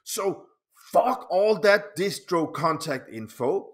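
A man, his voice sitting high for a man. He rants at an unhurried pace, swearing freely and stumbling over repeated words as he restarts his sentences. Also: animated. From Denmark. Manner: swears often. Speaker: pinball YouTuber. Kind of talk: casual vlog rant.

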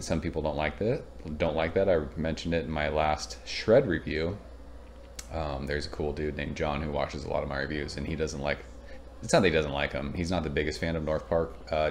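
Very deep-voiced chatty beer reviewer man. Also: slight background noise. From Southern California. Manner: chatty, rambling, excitable, swears casually. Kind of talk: casual beer review vlog.

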